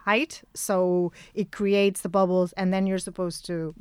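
A woman's voice: fairly low pitch, level tone, measured pace, darkish tone, clean tone, dry recording, clean studio sound. A woman from Spain with a Spanish accent, a native Spanish speaker, co-hosting in English, reminiscing and sometimes searching for words. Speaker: podcast co-host. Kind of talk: casual conversational chat.

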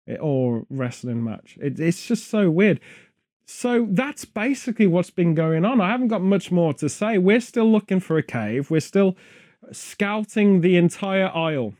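A man's voice: high voice, animated, measured pace, a little mellow, no echo, studio quality. A British man hosting a podcast, rambling through casual chat full of wry, absurd jokes. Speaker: podcast host.

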